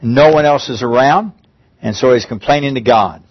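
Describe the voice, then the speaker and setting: Husky and mid-range, this pastor's voice moves at a moderate pace as he delivers a conversational sermon. He restarts phrases and lifts his voice for emphatic pleas. The sound is muffled and dull but free of echo.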